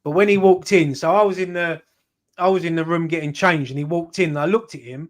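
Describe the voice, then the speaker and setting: Rambling football fan. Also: male voice, on the high side, quick pace. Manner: rambling, anecdotal, swears casually. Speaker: fan channel co-host. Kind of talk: casual football chat.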